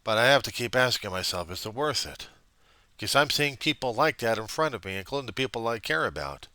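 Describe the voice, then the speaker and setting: A man speaking in a rambling, self-deprecating video diary to a reverend, moving between quiet musing and loud outbursts. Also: medium pitch, big pitch swings, fairly quick, no echo, clean studio sound. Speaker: video diarist addressing a reverend. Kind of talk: personal video diary monologue.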